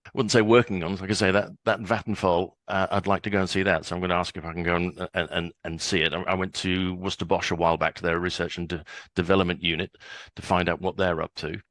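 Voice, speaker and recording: A man's voice: low voice, little pitch movement, fast talker, fairly bright tone, no room sound. A man in his sixties, a guest on a podcast interview, chatty and often repeating words as he starts a sentence.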